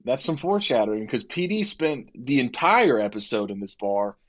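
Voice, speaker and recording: A young man co-hosting a podcast, who laughs often and retells events with excitement. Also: medium pitch, moderate pace. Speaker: podcast co-host. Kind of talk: casual chat. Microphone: podcast microphone.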